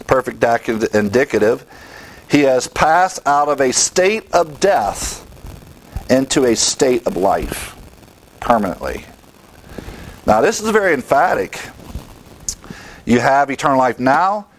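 A man's voice: fairly high pitch, poor audio. A man teaching from the Bible in a sermon, emphatic, asking his listeners questions and answering them himself.

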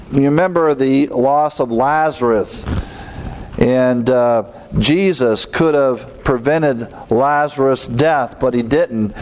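A man preaching a sermon, slowing down and lifting his voice high for emphasis on key words. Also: darkish tone. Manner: preaching with sudden rises in pitch and slowed emphasis.

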